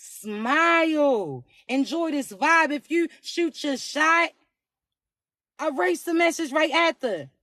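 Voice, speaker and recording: A woman with a raspy voice giving a casual spiritual reading to camera, slangy and emphatic, often asking "you heard me". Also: high voice, expressive, slow, sharp tone, no room sound, studio quality. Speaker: spiritual card reader.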